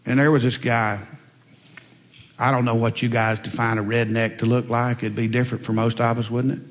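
A man preaching a sermon, telling folksy stories and swinging between loud emphatic lines and quiet asides. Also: mid-range voice, level tone, brisk. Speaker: pastor. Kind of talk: sermon with storytelling. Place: church sanctuary. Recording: long reverb in a large hall.

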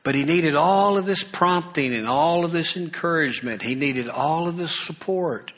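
A man's voice: fairly high pitch, moderate pace, a bit bright. A man preaching a sermon in a conversational way, with asides to the congregation and repeated exhortations. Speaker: pastor.

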